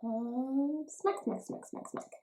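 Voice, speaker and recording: Speaking slowly in a high, mellow voice, this Irish beauty vlogger chats playfully while applying her makeup at home, teasing herself along the way. The audio quality is low.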